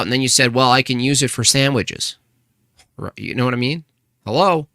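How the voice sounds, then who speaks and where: Bright-voiced man arguing on a stream. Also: mid-range voice, expressive, fairly quick, no room sound, studio quality. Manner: argumentative, rhetorical questions, restarts. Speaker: streamer reading chat. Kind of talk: casual live-stream rant.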